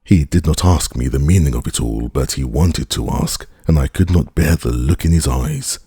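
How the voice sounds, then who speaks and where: A man's voice: rumbling low, normal speed, warm tone, breathy edge, no echo, clean studio sound, heavily acted. A man voicing a stiff, self-pitying grieving official with a thin voice and formal speech. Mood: strained.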